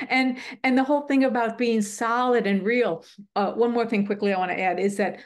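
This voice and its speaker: A middle-aged woman speaks earnestly in casual conversation, her slightly high voice rising as she tells a heartfelt story. She talks animatedly and often restarts her sentences. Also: fairly even intonation, fairly quick. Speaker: guest speaker on the afterlife. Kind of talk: casual chat.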